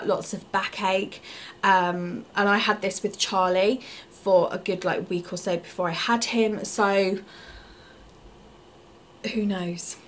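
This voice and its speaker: A chatty woman in her thirties talks candidly to camera in a casual vlog, her voice at a middle pitch. There is a faint hum of room ambience behind her. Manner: candid, chatty, with frequent ums and likes. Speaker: family vlogger.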